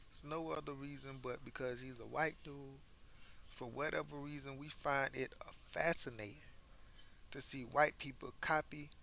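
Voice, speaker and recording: A man's voice: mid-range voice, vocal fry, pushed and bright, a little hiss or hum. A man from the United States hosting a casual commentary monologue, talking emphatically and repeating words as he restarts his sentences. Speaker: commentary host.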